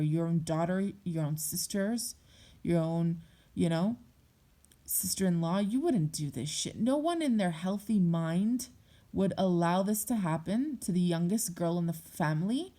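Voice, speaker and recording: A young woman talks straight to her viewers in a personal vlog, heated and blunt, with frequent swearing. Her voice sits a little low. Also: moderate pace, dark tone. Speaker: vlogger. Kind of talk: personal monologue to camera.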